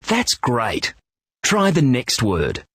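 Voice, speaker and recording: Slow husky man reading to kids. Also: mid-range voice, huge pitch swings, fairly bright tone, no echo, studio quality. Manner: clear, encouraging, slow instructions with praise. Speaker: narrator of a children's reading program. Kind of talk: scripted narration and instructions for children.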